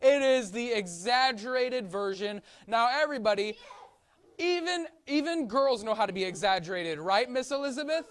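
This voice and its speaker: A woman teaching a children's Sunday school class, coaxing the kids, singing and shouting along with them in a church classroom. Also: on the high side, lively intonation, normal speed. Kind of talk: leading kids in song and chat.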